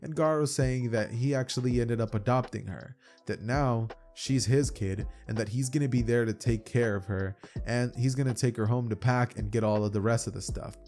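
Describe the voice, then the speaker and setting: A man's voice: medium pitch, normal speed, few pauses, darkish tone, soft background music. A man narrating a fan-made anime story at home in a loose, casual style with many fillers. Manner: loose, repeats "as from here", fillers. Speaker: youtube narrator. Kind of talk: casual fan-fiction retelling.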